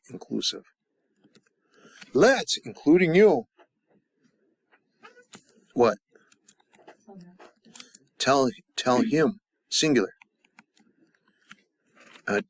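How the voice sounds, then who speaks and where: A man at an even, middle pitch teaches a classroom lesson at an unhurried pace. He leads call-and-response drills and often stops to restart his sentences. The sound is dry and close. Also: no echo. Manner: halting, with many fillers and restarts. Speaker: language teacher.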